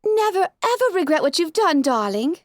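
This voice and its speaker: A woman's voice: very high-pitched, big pitch swings, normal speed, a little mellow, dry recording, studio quality, voice pushed up. Rarity, a woman doing a refined, genteel unicorn mare. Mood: tender. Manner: genteel, says darling. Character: elegant refined young female unicorn pony.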